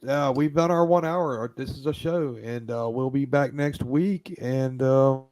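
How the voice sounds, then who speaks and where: A man's voice: mid-range voice, a little slow, darkish tone, dry recording. A man with a Southern American accent hosting a casual live-stream chat, rambling with lots of restarts. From Southern United States. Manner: rambling, chatty, many restarts. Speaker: host.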